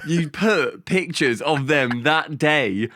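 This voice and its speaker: A young man co-hosting a casual chat, excitable and sweary, rambling through his points with fillers and laughs. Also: a little high, slow pace, dry recording, clean studio sound. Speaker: podcast co-host.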